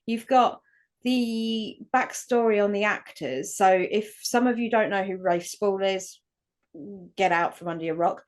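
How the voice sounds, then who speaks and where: A woman co-hosts a podcast in relaxed, casual chat. Her voice sits at an ordinary pitch for a woman. She talks in an easygoing way, full of ums and restarts. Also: measured pace. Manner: chatty, easygoing, full of fillers. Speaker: podcast co-host.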